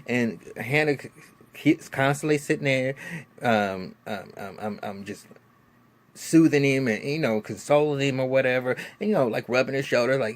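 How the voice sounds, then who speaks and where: A man giving a casual vlog review of a TV episode, animated and profane, with lots of restarts and laughing asides. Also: mid-range voice, normal speed, a little hiss or hum. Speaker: TV show reviewer.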